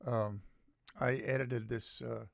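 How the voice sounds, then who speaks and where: Pausing repeatedly as he gropes for words, an older American host rants his opinions solo on his own show in a sardonic, halting way. His gravelly, medium-pitched voice moves unhurriedly with fairly even intonation. The sound is close and dry, with no room sound.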